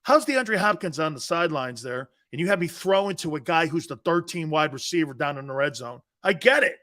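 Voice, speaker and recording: A brash sports talk host rants in a loud, mocking style. His voice sits high for a man and has a bright, cutting edge. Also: expressive, a little fast.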